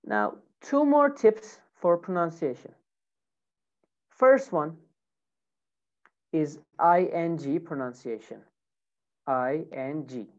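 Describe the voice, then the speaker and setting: A woman with a teaching pronunciation in a live online lesson, speaking slowly and repeating each example. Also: low voice, animated, darkish tone, highs cut off. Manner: slow, deliberate, repeats examples.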